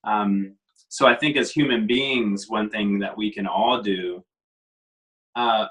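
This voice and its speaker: A man talking as a guest in a casual conversation, reflective and measured, with frequent pauses. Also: lowish voice, fairly bright tone, poor audio.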